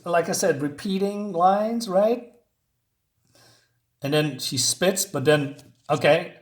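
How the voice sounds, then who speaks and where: A man's voice: sits high, takes it slowly. A man casually reviewing a comic book, incredulous and sarcastic, with lots of fillers.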